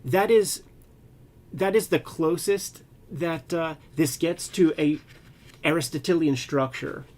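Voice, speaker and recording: A man co-hosting a casual comics chat as a working cartoonist, talking in an animated, loose way with profane, slangy asides. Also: on the high side, slow pace. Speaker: co-host, cartoonist.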